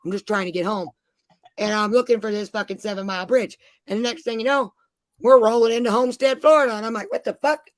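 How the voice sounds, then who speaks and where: A woman's voice: a little high, steady tone, quick pace, no echo. A middle-aged woman, a mother, telling rambling, profane travel stories in casual chat.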